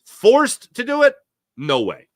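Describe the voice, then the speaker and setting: A man hosting a live sports talk show, giving opinionated takes and answering viewer chat in an animated way. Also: very high voice, no room sound, clean studio sound. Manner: opinionated, animated, quick asides to chatters.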